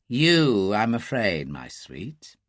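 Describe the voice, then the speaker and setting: A man's voice: on the low side, wildly swooping pitch, takes it slowly, a bit bright, no room sound, clean studio sound, heavily acted. A man reading the part of an urbane, gossipy insider briefing his associates, in an audiobook.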